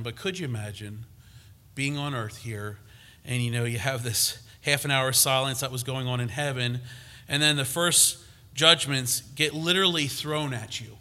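Male preacher, very bright tone, emphatic teaching delivery with frequent restarts. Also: medium pitch. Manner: emphatic, repeats himself with restarts and fillers. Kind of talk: sermon.

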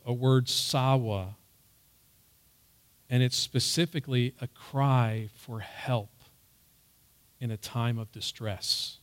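A man teaching a Bible passage in an earnest sermon style, raising his voice on the quoted words. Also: mid-range voice. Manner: earnest, loud on emphasized quotes.

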